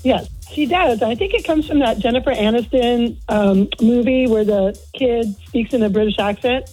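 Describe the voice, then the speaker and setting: Husky-voiced woman calling into radio. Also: a little high, moderate pace, dark tone, faint music behind, low-quality recording. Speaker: radio caller. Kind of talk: phone-in chat.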